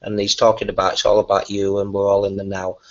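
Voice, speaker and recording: A man's voice: fairly low pitch, completely flat delivery, quick pace. A man on a voice chat, teasing others with crude, mocking banter. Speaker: voice chat regular. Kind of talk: casual voice chat. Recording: dull lo-fi voice chat audio.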